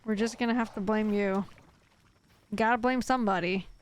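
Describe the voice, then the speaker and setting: A woman's voice: medium pitch, fairly even intonation, normal speed, smooth. A woman streaming a game live, chatting casually and rambling with lots of filler words. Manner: reads chat aloud and answers it. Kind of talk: casual live-stream chat while gaming.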